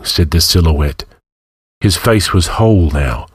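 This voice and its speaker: Male narrator, very deep, husky, unhurried, dry studio sound. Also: animated, no room sound. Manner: slow, measured reading with voiced characters. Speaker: story narrator. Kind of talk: scripted fiction narration.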